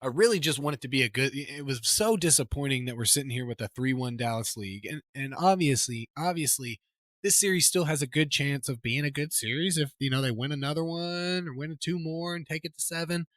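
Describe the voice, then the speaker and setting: A man's voice: mid-range voice, fairly quick, a bit bright, dry recording. A man co-hosting a sports podcast in casual chat, talking in an emphatic, rambling way with many restarts. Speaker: podcast co-host.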